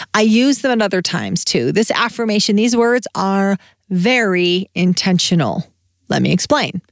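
A woman in her thirties hosts her own podcast, talking candidly and encouragingly to listeners in a loose, conversational flow. Her voice sits at a middle pitch. The sound is close and dry, with no room around it. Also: no echo. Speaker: podcast host. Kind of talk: solo podcast talk.

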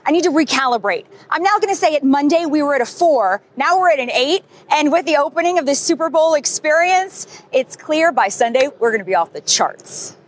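A woman field reporter giving an upbeat, animated on-location news report. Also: high-pitched, brisk, few pauses. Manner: bubbly, animated.

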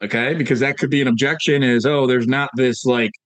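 With a mid-range voice, fairly even intonation, and a slightly fast delivery, a Northern Virginia man gives real estate agents a casual pep talk. He tells stories heavy on fillers and repeated phrases, recorded without echo.

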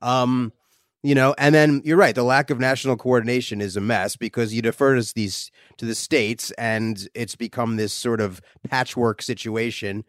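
A man's voice: medium pitch, steady tone, normal speed, no room sound, studio quality. A man as a comedian guest on a podcast, laid-back and talkative, laughing often. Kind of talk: casual comedic chat.

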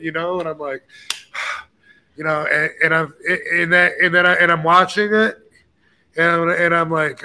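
A man's voice: on the high side, moderate pace, slight background noise. A man in his fifties, hosting a podcast, telling a rambling story in casual chat and acting out the voices and curses of the people in it. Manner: animated, acts out quoted dialogue with cursing. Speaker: podcast host.

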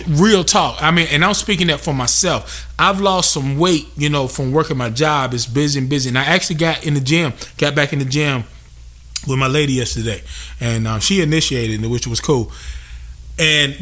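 A young man venting on his podcast in a loose, profane way, doubling back over his words for emphasis. His voice sits a little high and comes across bright and forceful. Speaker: podcast host. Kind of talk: casual podcast vent.

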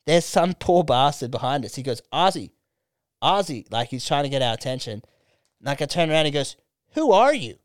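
A man's voice: mid-range voice, a little fast, smooth, dry recording. An Australian man hosting a podcast, telling a long, rambling story in casual chat, swearing freely and acting out everyone's voices. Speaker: podcast host.

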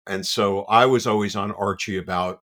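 A man, a guest on the show, telling an anecdote in a casual, animated way with self-deprecating asides and lots of "you know.". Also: on the low side, moderate pace.

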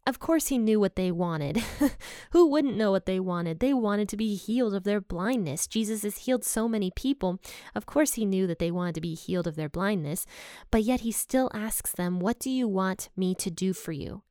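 A woman's voice: medium pitch, expressive, moderate pace, warm tone, clean tone, no room sound, studio quality. A woman teaching from the Bible in a casual, personal, earnest way. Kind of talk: casual devotional talk.

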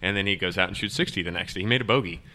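A man telling a lively golf story as a podcast guest, acting out what people said. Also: low-pitched, racing, slight background noise. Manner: animated storyteller acting out quotes. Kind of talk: casual storytelling.

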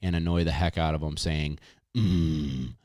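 A man hosting a casual podcast, reading sponsor spots in a hyped, slangy way with drawn-out catchphrases. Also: extremely low pitch, flat delivery, a little mellow, clear, resonant tone, no room sound, studio quality. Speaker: podcast host.

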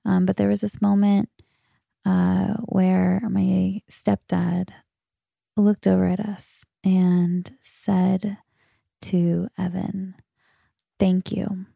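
A woman in her thirties talks through listener questions on her solo podcast in a frank, coaching manner. Her low voice has a heavy gravelly fry and a mellow, dark tone. The sound is dry and close. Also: little pitch movement, slow, no room sound. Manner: frank, warm coaching tone with casual swearing. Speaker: podcast host. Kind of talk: solo podcast Q&A, casual and candid.

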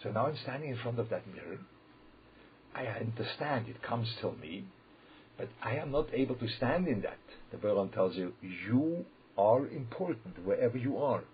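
A rabbi-like man delivers a Torah lesson in a mid-pitched voice, circling back over his words and bursting out loudly when he quotes the verses. The recording is muffled and lo-fi, with a faint hum behind him. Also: animated, a little fast. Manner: emphatic, repeats words, sudden loud bursts when quoting. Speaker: rabbi teaching. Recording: dull lo-fi recording with faint background noise.

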